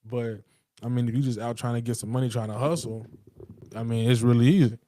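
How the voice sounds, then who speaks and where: A man's voice: mid-range voice, fairly even intonation, fairly quick, warm tone. A man talking casually in a rambling, emphatic monologue, full of street slang and profanity. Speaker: podcast host.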